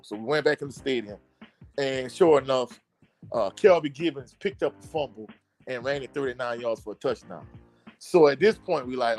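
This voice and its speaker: A man's voice: mid-range voice, lively intonation, moderate pace, a little mellow, faint music behind. Rambling man recapping a football game. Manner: rambling storytelling with frequent fillers and self-corrections; blunt and exasperated about his team. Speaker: sports podcast host. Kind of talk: casual sports talk recap.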